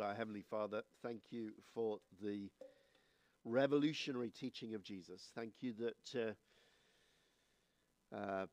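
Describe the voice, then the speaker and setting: A man in his sixties with a croaky, hoarse voice, preaching a sermon and praying, measured and a little hesitant. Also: on the low side, darkish tone, dry recording. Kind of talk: sermon with scripture reading and prayer. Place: church.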